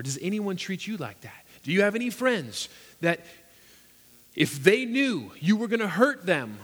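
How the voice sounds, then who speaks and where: A man's voice: high-pitched, a bit bright. A man preaching a sermon as pastor, earnest and emphatic, firing off rhetorical questions. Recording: echoey hall reverb.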